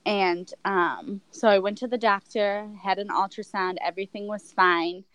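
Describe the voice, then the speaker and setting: A woman's voice: mid-range voice, moderate pace, fairly bright tone, smooth, no echo, rough recording. Young woman guest, candid storyteller, loose and rambling with fillers, dry close sound. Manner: rambling, many fillers and restarts.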